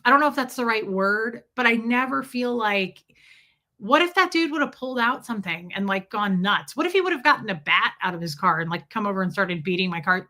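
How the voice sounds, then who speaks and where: A woman who lives in Tennessee hosts a casual live stream, rambling through a personal story and greeting viewers by name as their chat messages arrive. Her voice is mid-range with a sharp tone.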